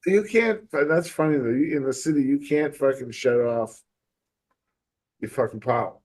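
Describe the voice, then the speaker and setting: A man hosting a live talk stream in casual chat, telling stories in a profane, animated way. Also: mid-range voice, normal speed.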